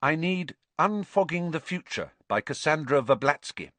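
A man playing a polite young teenage boy in a storybook reading, his voice lifted well above its usual pitch. He sounds earnest and quick, a touch hesitant, recorded close and dry. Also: expressive, a bit bright, no room sound. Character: polite, earnest thirteen-year-old boy wizard.

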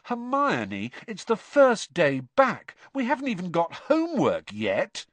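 A man's voice: a little high, big pitch swings, unhurried, fairly bright tone, no echo, voice pushed up, full character voice. A man voicing a teenage schoolboy who talks in a teasing, slyly joking way.

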